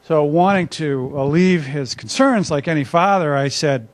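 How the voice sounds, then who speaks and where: A man's voice: on the high side, expressive, normal speed. An older man, an academic, giving a conversational workshop presentation in a conference room, with frequent filler words. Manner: conversational, self-deprecating, many filler uhs. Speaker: academic speaker.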